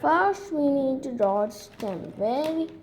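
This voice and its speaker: A woman's voice: high-pitched, lively intonation, slow pace, darkish tone, low-quality recording. A woman giving a step-by-step drawing tutorial in simple, repeated instructions.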